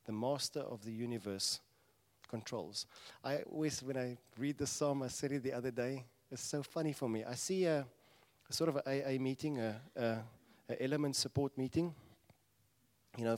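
A man preaching a sermon, telling the story animatedly and acting out voices with sudden loud bursts. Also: medium pitch. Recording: long reverb of a large hall.

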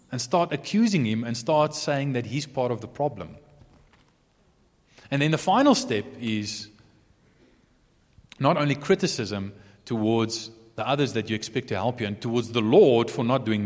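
An earnest male preacher delivering a sermon with a mid-pitched voice that swings widely between emphatic highs and hushed lows. His words carry a long reverb, as if spoken in a large hall. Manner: earnest, expressive, occasional soft asides.

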